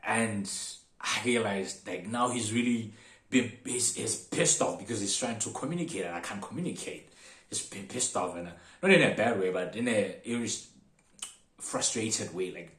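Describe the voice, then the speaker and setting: A young man from Africa tells a personal story in a relaxed, lively way, acting out the people in it as he goes. His voice sits a bit low, and the room around him is echoey. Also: moderate pace. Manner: animated, acts out other people's lines with laughs. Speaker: vlogger. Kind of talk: casual storytelling. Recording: roomy echo.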